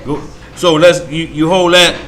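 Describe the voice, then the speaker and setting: Bright-voiced man leading Bible study. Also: fairly high pitch, little pitch movement, a little slow, a little hiss or hum. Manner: emphatic, folksy, often asks if listeners follow. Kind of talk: informal preaching.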